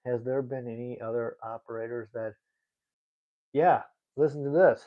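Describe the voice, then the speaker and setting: A man's voice: mid-range voice, fairly even intonation, moderate pace. Indignant male streamer, tinny phone-like sound. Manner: indignant, rambling, talks straight to chat. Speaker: livestreamer reading chat. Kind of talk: casual live chat.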